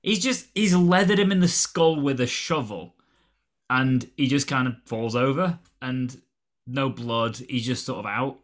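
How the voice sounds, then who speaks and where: A man co-hosting a podcast, chatting in a blunt, animated way with plenty of swearing. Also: mid-range voice, measured pace. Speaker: podcast co-host. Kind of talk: casual chat.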